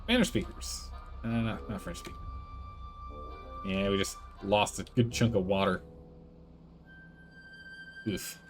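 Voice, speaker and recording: A man's voice: on the low side, fairly even intonation, takes it slowly, pauses often, over music. Chatty male streamer, laid-back. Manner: chatty, thinks aloud, answers chat, laughs often. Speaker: streamer playing a building game. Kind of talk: casual live-stream commentary.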